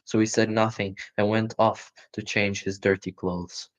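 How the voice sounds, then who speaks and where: A man giving a live reading of a children's storybook in a calm, steady voice. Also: lowish voice, measured pace. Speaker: storybook reader. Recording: muffled lo-fi recording.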